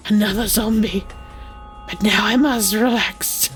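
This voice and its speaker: A woman's voice: mid-range voice, steady tone, soft background music, lightly acted. A woman reading as a gloating surgeon villain. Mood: gloating menace. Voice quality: hushed, drawn-out, relishing delivery. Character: sinister surgeon villain savoring a planned lobotomy. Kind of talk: reading a game villain's monologue aloud.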